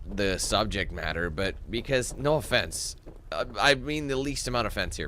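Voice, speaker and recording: Canadian male gaming commentator, low, bright, animated; loose chatty delivery with casual swearing. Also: slight background noise.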